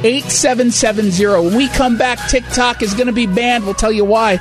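A man's voice: very high voice, fairly quick, over music. A man hosting a talk show, giving opinionated commentary in a sarcastic, mocking manner.

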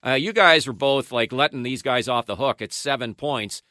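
A man hosting sports talk radio, chatting casually with lively banter and often laughing as he reads out poll numbers. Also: mid-range voice, moderate pace, no room sound, clean studio sound.

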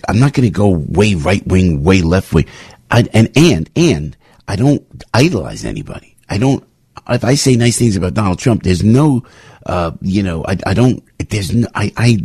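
Gravelly low-voiced radio host. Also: male voice, a little mellow, no room sound, studio quality. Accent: New York. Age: older. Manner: frank, rambling, repeats words and restarts; gets worked up and rises in pitch. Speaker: radio talk show host. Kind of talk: morning talk radio monologue.

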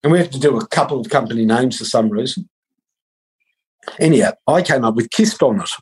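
A man's voice: medium pitch, animated, brisk. A middle-aged Australian man co-hosting a casual comedic sports chat, telling rambling wry stories. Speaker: co-host.

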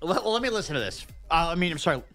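A man's voice: a little high, racing, soft background music. A man from Long Island hosting a sports radio show, talking in a casual, emotional, jokey way with a Long Island accent. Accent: Long Island New York. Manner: animated, emotional, jokey and self-mocking. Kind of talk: casual sports talk banter.

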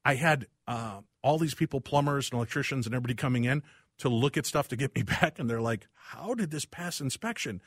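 Animated storytelling male host, dry sound. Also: mid-range voice, fast, no echo. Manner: animated, self-deprecating storyteller. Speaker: radio show host. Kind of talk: casual chat.

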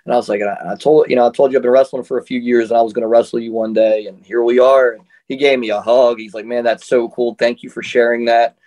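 A man in an interview, a professional wrestler telling stories in a relaxed, chatty way and laughing often. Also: medium pitch, fast talker, few pauses. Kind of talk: casual storytelling.

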